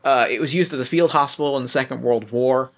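A man's voice: mid-range voice, quick pace. A man narrating as game master of a tabletop role-playing game, rambling with lots of fillers and restarts.

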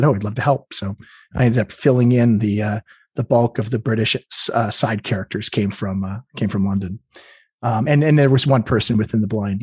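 A man's voice: mid-range voice, darkish tone, slightly rough, no echo, clean studio sound. A man from Canada, a game developer, talking through his choices in an interview, with many restarts and fillers. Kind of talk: interview, conversational.

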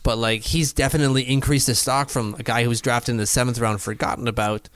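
A man's voice: mid-range voice, fairly even intonation, fast, fairly bright tone, clear, resonant tone, no room sound, studio quality. A man co-hosting a casual sports podcast, rambling and hedging as he talks. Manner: rambling, hedging, lots of fillers and restarts. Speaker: podcast co-host.

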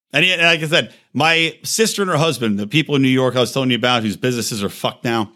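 Male podcast host, mid-pitched voice, heated profane monologue delivery. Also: bright, forceful tone. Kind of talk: ranting monologue.

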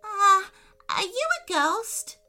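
Brief: woman doing a worried little girl, high, lively and bright. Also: takes it slowly, faint music behind, exaggerated voice. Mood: puzzled. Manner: high pleading childlike voice. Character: young girl, worried and tearful.

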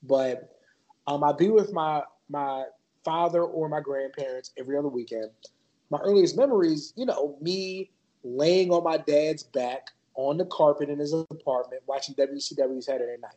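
A podcast guest from Maryland, USA, chats in a relaxed, loose style packed with fillers. His voice is a little high with a dark tone, he speaks at a moderate pace, and the recording is rough.

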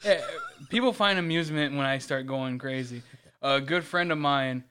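A man's voice: mid-range voice, normal speed, sharp tone, clear, resonant tone. A man co-hosting a casual podcast chat, speaking in a blunt, profane way.

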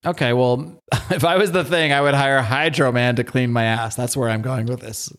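A man's voice: medium pitch, steady tone, normal speed, a bit bright. A young man co-hosting a podcast, rambling and joking through a comic book recap. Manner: rambling, jokey, many fillers. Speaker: podcast co-host.

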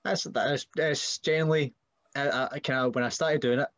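Speaking a little fast at medium pitch, this wrestler from Scotland is a guest in a relaxed conversation. He spins lively stories and does voices for the characters, though the audio sounds dull.

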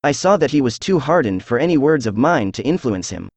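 A synthesized male voice with a middling pitch and a breathy edge narrates a classic story as an audiobook, keeping a steady, measured pace. The sound is dry and close, with no echo or room around it.

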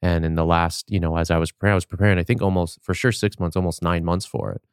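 A man with a deep, low voice hosts a podcast conversation, speaking earnestly and gratefully in a loose, casual style. His voice sits close and dry on a studio mic with no room sound. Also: fairly even intonation, fast talker, clear, resonant tone, no room sound. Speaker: podcast host. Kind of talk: conversational interview.

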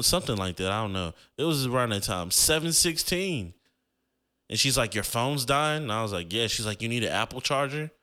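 Sharing a personal story on his podcast, this twenty-something man sounds casual and emotional, peppering his speech with "like." The fairly low voice comes across pushed and bright, clear and resonant.

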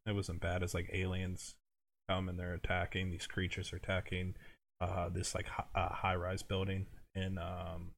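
A man's voice: low voice, monotone, normal speed, gravelly, a little hiss or hum. An American man co-hosting a podcast, chatting casually and rambling with lots of filler words. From United States. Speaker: podcast co-host. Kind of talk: casual chat.

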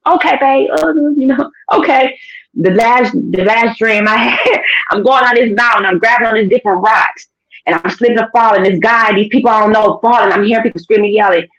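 A woman shares a personal story in casual, lively talk, jumping into the voices of the people she quotes. The recording sounds somewhat dull and muffled. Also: mid-range voice, a little fast. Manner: animated storytelling, acting out quotes. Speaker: podcast guest. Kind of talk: casual testimony.

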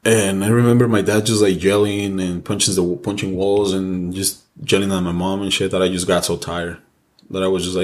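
A man's voice: low-pitched, little pitch movement, normal speed, a little mellow. A young man co-hosting a casual podcast, recounting a personal story candidly and emotionally, swearing freely. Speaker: podcast co-host.

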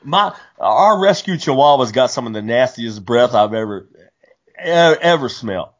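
Male podcast co-host, mid pitch, animated rambling storyteller, lo-fi audio. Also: moderate pace. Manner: animated storyteller, frequent restarts. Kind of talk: casual hunting chat.

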